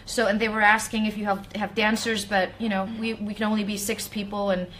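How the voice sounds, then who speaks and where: A woman's voice: medium pitch, level tone, fairly quick, a bit bright, slight background noise. A woman singer chatting casually on a livestream, rambling with many "you know"s and laughs. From Iceland. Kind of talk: casual chat.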